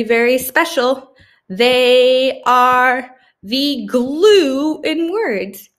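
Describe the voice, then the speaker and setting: A woman teaching young children their letters at an unhurried, patient pace. She stretches out each vowel and consonant, sounding words out slowly and clearly. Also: mid-range voice. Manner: slow, exaggerated sounding-out of letters. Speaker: kindergarten teacher. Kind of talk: phonics lesson for young children.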